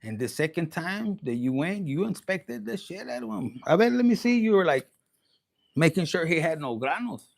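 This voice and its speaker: A man giving a casual livestream tarot reading, profane and animated, dropping into Spanish slang. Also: a little high, moderate pace, gravelly. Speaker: tarot reader.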